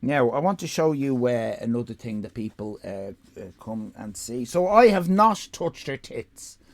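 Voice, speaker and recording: Sarcastic Irish man with a lively voice. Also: mid-range voice, measured pace. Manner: sarcastic, profane, rambling. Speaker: live streamer. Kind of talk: casual stream commentary.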